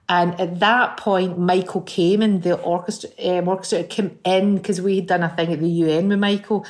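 A middle-aged Scottish woman, a guest singer on a chat show, telling anecdotes and acting out the voices in them. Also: lowish voice. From Scotland. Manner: animated storyteller, acts out voices in anecdotes.

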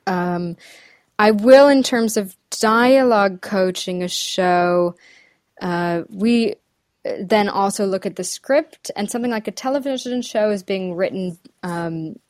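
A woman's voice: medium pitch, measured pace, darkish tone, no room sound. A woman working as an accent and dialect coach, talking thoughtfully in a casual interview, with many ums and restarts. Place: lives in the UK.

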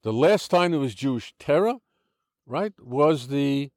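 Restarting sentences often, an older American man whose first language is English argues and explains his positions in an interview-style conversation. The studio-quality recording has no room sound, and his medium-pitched voice is expressive, darkish and a little slow.

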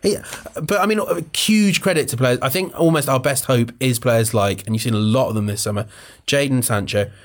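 A man's voice: medium pitch, brisk. A man hosting a casual football podcast, talking passionately and rambling with restarts. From England. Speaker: podcast host.

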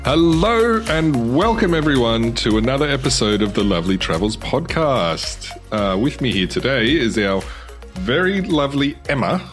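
A man's voice: medium pitch, very animated, moderate pace, soft background music. A man co-hosting a travel podcast, casual and wry, hesitating with fillers. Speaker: podcast co-host. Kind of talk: casual chat.

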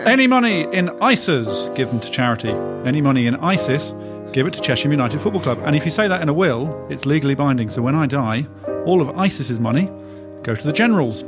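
A man talks at a quick clip, hosting a comic music podcast in a studio. His delivery is deadpan as he spins out absurd jokes, with band music loud in the background. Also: on the high side. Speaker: comedy podcast host. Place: recording studio.

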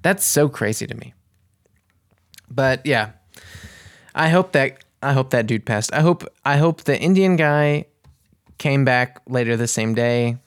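Man, mid-pitch, vlog storyteller, chatty and rambling, dry close recording. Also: unhurried, pauses often, clean tone, no room sound. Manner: rambling, restarts and searches for words. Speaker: vlogger. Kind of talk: casual storytelling to camera.

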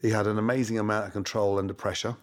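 A middle-aged Scottish man, a chef and guest, telling stories in a brash, swearing, animated way. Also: fairly low pitch, rapid-fire. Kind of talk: casual interview.

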